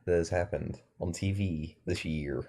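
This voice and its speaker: A young man co-hosting a casual podcast, tossing in quick jokes and blunt opinions. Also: deep voice, dark tone, slightly rough. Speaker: podcast co-host. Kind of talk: casual chat.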